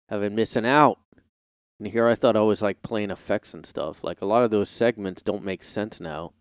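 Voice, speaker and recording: A man's voice: on the low side, smooth, no room sound, studio quality. A man hosting a solo podcast from his room, rambling and joking with lots of fillers and self-deprecating asides. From United States. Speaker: podcast host. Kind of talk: casual rambling solo chat. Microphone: streaming setup microphone.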